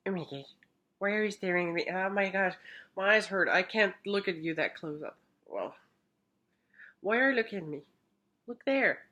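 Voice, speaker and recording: A woman's voice: mid-range voice, a bit bright, dull audio. A woman chatting casually to camera in a vlog, cooing baby talk to her small pet between updates. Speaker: makeup artist vlogger.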